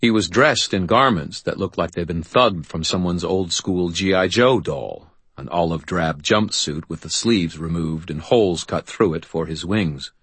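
A man narrating a novel in the first person, in a steady, dry storytelling manner. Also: low voice, husky, no echo. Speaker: audiobook narrator.

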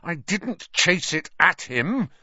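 A man's voice: fairly high pitch, wildly swooping pitch, normal speed, a bit bright, no room sound, voice pushed up, exaggerated voice. A defiant young wizard, voiced by a man, talks in fierce, clipped lines, his voice shaking with anger. The storybook sound is dry and muffled. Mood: angry. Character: angry, defiant boy wizard. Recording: dry, slightly muffled audio.

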